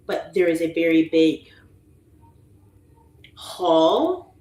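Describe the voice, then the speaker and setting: A woman's voice: sits low, animated, very slow, warm tone. Chatty woman in an echoey room. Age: 30s. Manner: chatty, laughs often, whispers asides. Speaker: livestream host. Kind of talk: casual chat reading viewer comments. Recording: echoey room with faint ambient noise.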